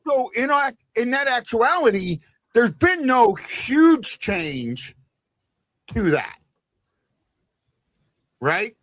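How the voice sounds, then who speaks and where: A high, lively male voice bounces across a wide pitch range as he hosts a fan reaction stream with loud enthusiasm. The sound is dry and close, like a remote stream mic with no room around it. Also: extremely slow, pauses often, no room sound. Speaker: podcast host.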